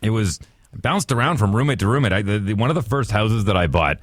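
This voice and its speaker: A low-voiced man chats easily on a podcast, reacting to his co-host and then drifting into his own anecdotes. His voice sits close and dry on the mic, with no room sound. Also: animated, fast, no echo. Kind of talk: casual chat.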